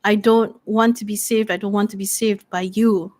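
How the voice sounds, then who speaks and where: A woman's voice: medium pitch, flat delivery, moderate pace, darkish tone, no echo, close to an everyday voice. A woman voicing a furious, grieving young woman who accuses her lover of choosing status and wealth over her. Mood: bitter. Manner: accusing, bitter.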